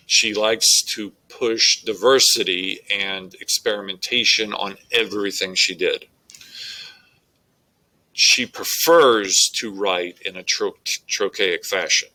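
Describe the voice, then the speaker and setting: A man's voice: on the low side, bright, forceful tone, poor audio. A male English teacher giving a methodical, explanatory recorded lecture on poetry.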